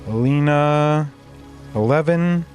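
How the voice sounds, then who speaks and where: A man's voice: fairly high pitch, slow pace, a little mellow, faint music behind. A man streaming a live game playthrough, reading the dialogue aloud in a playful, jokey way.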